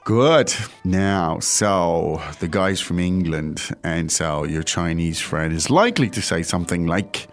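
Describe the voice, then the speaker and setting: Lively low-voiced male language teacher, playful, music faint behind. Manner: playful, lively, drawn-out demonstration of words. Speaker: podcast co-host teaching Mandarin. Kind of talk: casual language lesson.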